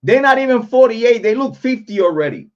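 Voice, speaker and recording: A man's voice: very high voice, expressive, a little fast, muffled recording. A man in his forties hosting a livestream, casually joking and ranting with a lot of profanity, sounding a little congested. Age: 40s. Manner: boastful, joking, profane rant. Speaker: livestream host.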